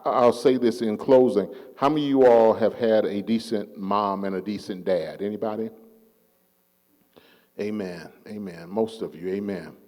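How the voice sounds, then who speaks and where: A man's voice: on the low side, warm tone, in a large hall. A man preaching a sermon as pastor, calling for responses from the congregation and drawing out key phrases. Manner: call-and-response preaching, drawn-out emphatic phrases. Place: church sanctuary.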